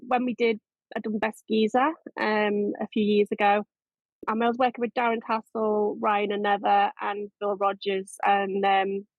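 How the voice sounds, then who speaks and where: A woman's voice: medium pitch, no room sound. A middle-aged woman, a makeup and effects artist, chatting in an interview in a rambling way with many restarts. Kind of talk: casual interview chat. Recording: dry, tinny phone-like line.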